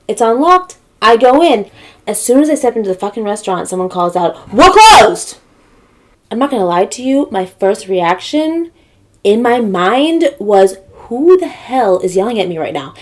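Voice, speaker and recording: A woman telling a comedic story as an animated, exasperated rant, swearing often. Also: fairly high pitch.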